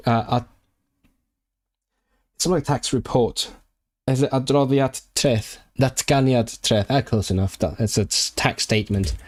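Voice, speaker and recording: A man from Hong Kong chatting casually on a live stream while he works through language flashcards, thinking aloud with lots of fillers and restarts. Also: medium pitch. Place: indoors at his computer.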